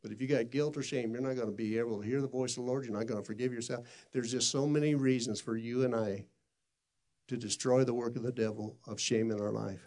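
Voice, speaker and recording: A man's voice: medium pitch, fairly even intonation, fast, a little mellow. A middle-aged man preaching a sermon and telling stories in an earnest, conversational way with frequent restarts. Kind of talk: sermon storytelling.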